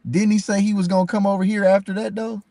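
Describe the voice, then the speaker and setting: A man's voice: sits high, flat delivery, fast, vocal fry, warm tone, dry recording. A man hosting a live stream, talking casually and passionately to his chat, calling viewers by name and repeating himself.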